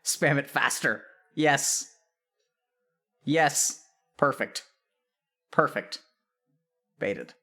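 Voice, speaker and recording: A man's voice: medium pitch, extremely slow, pauses often, bright, forceful tone. Playful man hosting a livestream. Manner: playful, upbeat, talks directly to chat. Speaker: streamer and psychiatrist host. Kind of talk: casual livestream chat.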